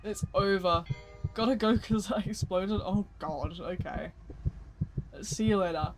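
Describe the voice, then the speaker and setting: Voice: mid-range voice, unhurried, music in the background. A gaming livestreamer in casual, rambling chat, sleepy and yawning, slangy and self-mocking.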